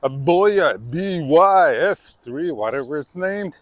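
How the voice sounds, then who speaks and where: A man's voice: fairly high pitch, animated, slow, no echo. A man vlogging outdoors on a wireless clip-on mic, rambling casually and exclamatory, often tossing in "man". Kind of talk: casual rambling vlog talk.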